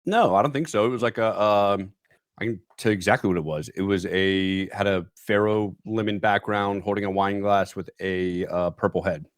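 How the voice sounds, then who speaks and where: A man's voice: on the low side, normal speed, no room sound, clean studio sound. A man as a podcast guest, laid-back and laughing often in casual chat.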